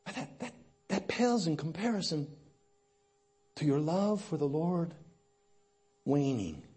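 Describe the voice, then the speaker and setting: Male preacher, husky voice, lively slightly high pitch, conversational sermon that drops quiet then builds to emphasis. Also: unhurried. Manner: conversational, swings between hushed and emphatic. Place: church.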